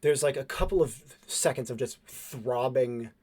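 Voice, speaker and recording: A man running a tabletop role-playing game as game master, describing scenes with fillers and hushed dramatic drops. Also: mid-range voice, a little slow, husky.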